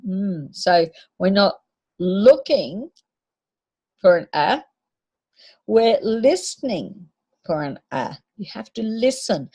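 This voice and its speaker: Slow, patient woman teaching phonics. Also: medium pitch, darkish tone, breathy edge. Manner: slow, patient, sounding out letters. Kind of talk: phonics lesson for young children.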